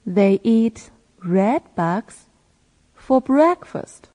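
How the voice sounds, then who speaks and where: Female reading teacher, mellow and husky, very slow and lively phrase-by-phrase repetition. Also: a little high. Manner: repeats each phrase slowly and clearly after a male reader. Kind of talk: slow read-aloud for learners to repeat.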